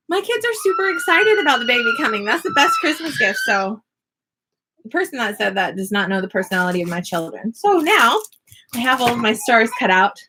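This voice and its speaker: A woman's voice: fairly high pitch, very animated, noisy background. Chatty, upbeat woman vlogger. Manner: chatty, upbeat, quick laughs. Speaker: vlogger and online teacher. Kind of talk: casual chat while crafting. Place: home classroom office.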